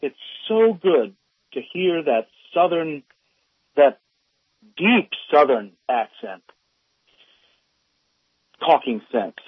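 Heated caller on a tinny phone line. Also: male voice, on the high side, very animated, husky, dry recording. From northern United States. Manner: halting, many restarts, heated. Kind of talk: call-in radio comment.

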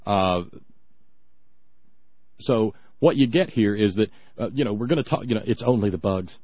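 Sarcastic low-voiced male radio commentator. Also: lively intonation, moderate pace, no room sound. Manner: scornful, rambling, sarcastic. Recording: dry, dull lo-fi audio.

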